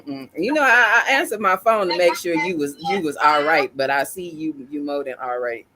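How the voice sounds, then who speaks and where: A woman's voice: low-pitched, normal speed, very noisy. A young adult woman, hosting a casual podcast and teasing in an exasperated way. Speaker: podcast host. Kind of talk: casual chat.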